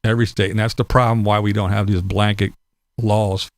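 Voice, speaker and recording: A man's voice: lowish voice, flat delivery, a little fast, no echo. Middle-aged man, casual ranting vlogger, profane and blunt, dry recording. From Pennsylvania. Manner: blunt, profane, laughs between points. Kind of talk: casual opinion monologue.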